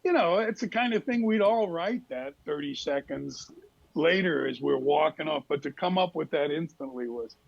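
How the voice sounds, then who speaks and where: An older man telling lively anecdotes as a talk show guest, dropping into quick impressions of other people. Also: a little high, creaky, husky, lo-fi sound. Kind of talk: casual storytelling interview.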